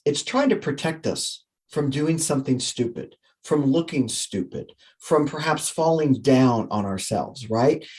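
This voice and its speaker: A male author and coach appearing as a guest gives energetic, conversational interview answers in a voice on the high side. He often acts out his own inner thoughts.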